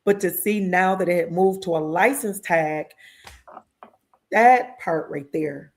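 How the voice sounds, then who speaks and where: Woman, lowish register, emotional interview guest who voices other people in her stories. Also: takes it slowly. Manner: animated, acts out other people's lines in her retelling; heartfelt and emotional, with religious exclamations. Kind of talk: conversational storytelling interview.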